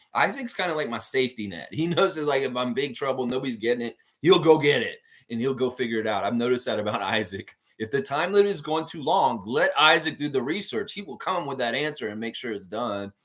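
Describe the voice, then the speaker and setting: A man's voice: mid-range voice, fairly bright tone. A middle-aged American man hosting a casual trivia livestream, reading chat comments aloud and laughing often. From United States.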